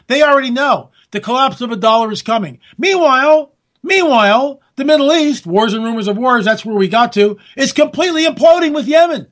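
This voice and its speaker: Sarcastic male talk host, fairly high voice, ranting monologue. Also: a bit bright. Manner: sarcastic, ranting, addresses listeners as folks. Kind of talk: political commentary monologue.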